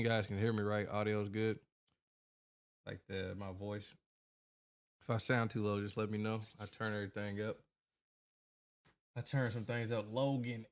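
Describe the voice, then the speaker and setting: A young man hosting a casual late-night gaming livestream, greeting viewers by name in a laid-back, colloquial way. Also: on the low side. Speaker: gaming streamer.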